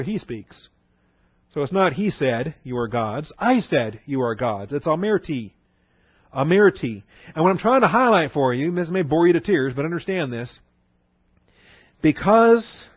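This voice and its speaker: A man teaching a Bible lesson in a conversational way, repeating phrases for emphasis and slowing down to spell out words. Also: a little high, lively intonation, no echo. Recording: dull, dry lo-fi recording.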